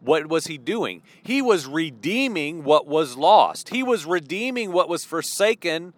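A man's voice: a little high, big pitch swings, measured pace, no room sound. A man giving an earnest sermon-style teaching, full of rhetorical questions and restarts. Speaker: preacher.

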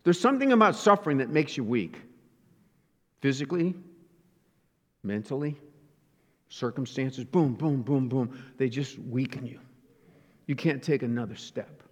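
A man's voice: medium pitch, expressive, moderate pace, pauses often. A man preaching a sermon, teaching earnestly and asking rhetorical questions. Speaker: pastor. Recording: reverberant hall.

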